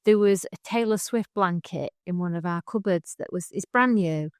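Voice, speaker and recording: A middle-aged woman, co-hosting a casual chat, animated and quick to laugh. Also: lowish voice, clean tone, no echo, clean studio sound. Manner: chatty, laughs often, animated storytelling. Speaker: podcast co-host.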